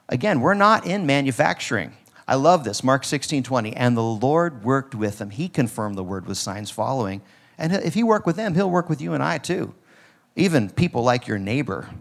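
A man preaching a sermon in a church service, talking in a casual, animated way and acting out quoted lines. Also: medium pitch, creaky. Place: church sanctuary.

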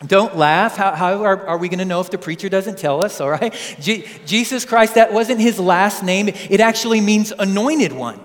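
A man preaching a sermon, retelling scripture with lively asides to his congregation in a church. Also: high-pitched. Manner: animated storytelling with asides to the congregation. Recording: long hall reverb.

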